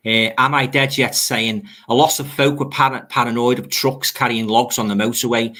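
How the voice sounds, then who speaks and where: Reading viewer comments aloud on his laid-back livestream, an older Liverpool man with a Scouse accent chats freely, repeating phrases and fillers. He speaks at normal speed in a steady, medium-pitched voice that sounds pushed and bright.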